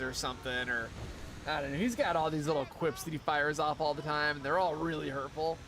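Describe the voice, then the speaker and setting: A man's voice: on the high side, brisk, noisy background. A young man streaming live, chatting casually in a rambling, profane way and laughing often. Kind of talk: casual chat while streaming a game.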